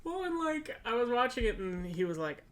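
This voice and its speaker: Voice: mid-range voice, very animated, brisk, fairly bright tone. Podcast cohost joking around about a movie, laughs easy, laid back chat. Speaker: podcast co-host. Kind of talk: casual movie review chat.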